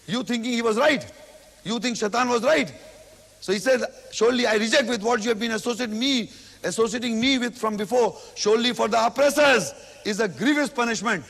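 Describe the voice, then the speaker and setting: A man giving a religious lecture, reciting Arabic verses and then explaining them slowly with repetition, recorded in an old 1990s hall. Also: very high voice, gravelly, fairly bright tone. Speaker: Islamic lecturer.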